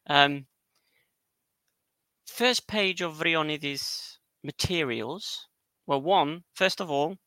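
A man co-hosting a casual football chat, his voice bright and forceful and a little high for a man. He talks in an animated way, breaks into laughs and reads out passages from a report. The sound is close and dry, with no room echo. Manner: animated, laughs often, reads documents aloud. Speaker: podcast co-host.

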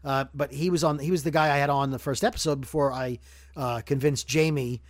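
A man's voice: medium pitch, steady tone, fairly quick, no room sound, clean studio sound. A man from Brooklyn hosting a podcast in casual chat, rambling and joking as he corrects himself. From Brooklyn, New York. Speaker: podcast host.

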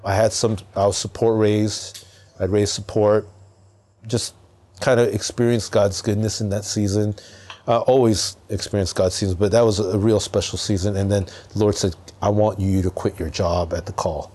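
A man from Southern California, a podcast guest, telling a personal story in a casual, animated way with lots of fillers. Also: fairly low pitch, moderate pace.

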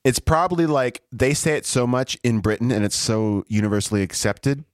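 A man's voice: mid-range voice, moderate pace, noisy background. A man co-hosting a podcast, giggly and rambling in casual banter. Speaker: podcast co-host.

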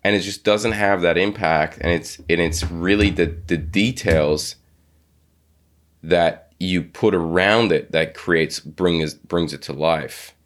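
A man hosting a business podcast, talking in a halting way with many restarts and telling a personal anecdote. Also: low-pitched, fairly even intonation. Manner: hesitant, many restarts and repeated words; storytelling, acts out quoted speech. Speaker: podcast host. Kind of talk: conversational interview.

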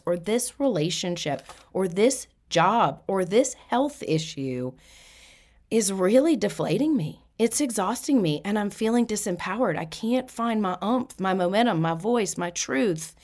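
A woman giving a spiritual numerology talk, animated and full of vivid analogies, with light laughs between phrases. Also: mid-range voice, unhurried. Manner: animated, uses vivid analogies and acted quotes. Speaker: numerology teacher.

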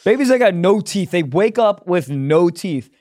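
A man's voice: sits high, expressive, moderate pace, a little mellow. A young man co-hosting a comedy podcast, blunt and profane, riffing in casual chat.

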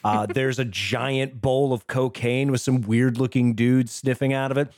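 A man's voice: mid-range voice, fairly even intonation, a little slow, darkish tone, dry recording, studio quality. An enthusiastic man co-hosting a casual film chat, describing scenes eagerly. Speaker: podcast co-host, film discussion.

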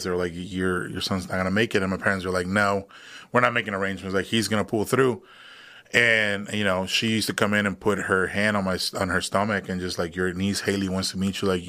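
Low-voiced man telling his story casually. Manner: relaxed, matter-of-fact, many fillers. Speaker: podcast guest, wounded veteran.

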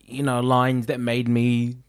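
A man co-hosting a casual chat, animated and quick to laugh. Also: mid-range voice, smooth. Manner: animated, laughs often, slips into playful mimicry. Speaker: podcast co-host.

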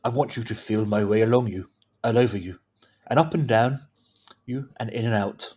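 A man's voice: on the low side, moderate pace, darkish tone, breathy edge. A man putting on a posh upper-class English accent to voice a lovesick aristocrat, in a hammed-up, amused way. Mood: amorous.

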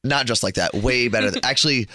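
A man's voice: mid-range voice, expressive, fairly quick, sharp tone. A young American man co-hosting a radio show, chatting casually and joking. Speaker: radio co-host. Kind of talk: casual chat.

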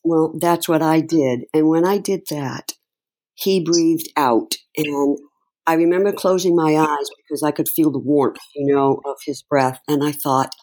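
A middle-aged woman, an interview guest, recounts a personal story in conversation, speaking emotionally and haltingly with many restarts. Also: sits low, steady tone, a little mellow.

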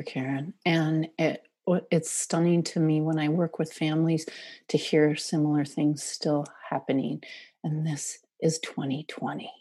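A woman's voice: deep voice, mellow, husky, no room sound. A middle-aged woman, a parent coach, answering interview questions earnestly and sometimes sinking to a near whisper. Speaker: parent coach for eating disorder families. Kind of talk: podcast interview.

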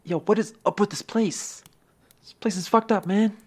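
A woman's voice: medium pitch, fairly even intonation, normal speed. A woman playing a tabletop game, talking in a brash, street-tough way. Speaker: player.

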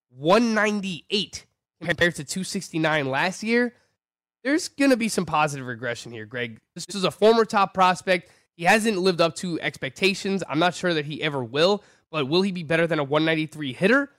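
A man co-hosting a fantasy baseball podcast, talking through player stats in an animated, argumentative casual chat. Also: a little high, dry recording. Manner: animated, argumentative, stat-heavy. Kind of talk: casual sports analysis chat.

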